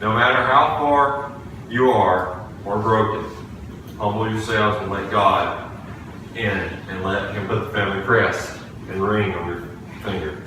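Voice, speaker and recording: A man delivers a sermon, weaving in a childhood story with earnest, halting restarts. His low voice has a bright, forceful edge. He sounds set back from the microphone in a very echoey church room. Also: slight background noise. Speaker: preacher. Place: church sanctuary. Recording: echoey room, distant from the mic.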